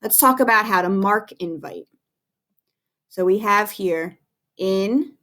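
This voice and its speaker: A woman's voice: mid-range voice, slow, pushed and bright. A woman teacher giving a recorded phonics lesson to young children, patient and encouraging, spelling words out letter by letter.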